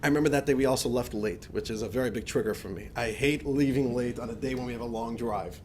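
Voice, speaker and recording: A man, a rabbi, tells a personal anecdote to a class in a lively, conversational way, restarting phrases as he goes. His voice sits at an ordinary pitch for a man. A faint low rumble runs under the recording. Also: quick pace. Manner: animated anecdotal storytelling with many restarts. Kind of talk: storytelling lecture.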